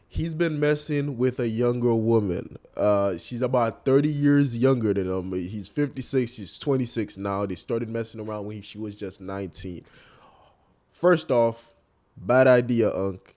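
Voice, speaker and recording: A young man hosting a casual commentary video, talking straight to his viewers with animated disbelief. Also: lowish voice. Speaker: commentary host.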